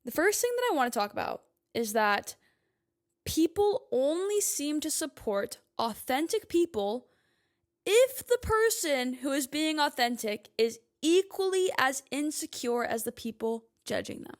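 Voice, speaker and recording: Woman, twenties, podcast host, casual monologue, chatty, filler-heavy, slightly high-pitched. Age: 20s. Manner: chatty, lots of "like" fillers, emphatic.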